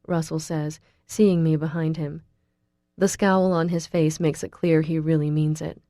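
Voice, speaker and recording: A woman's voice: sits low, steady tone, normal speed, mellow, no room sound, clean studio sound. A woman reading a first-person audiobook, taking on an emotional, pleading tone for the heroine. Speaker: audiobook narrator.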